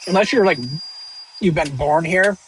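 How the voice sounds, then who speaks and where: A man's voice: high-pitched, moderate pace, slight background noise, low-quality recording. A young man streaming live, casually answering viewer questions in a rambling, joking way full of fillers and restarts. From northern United States.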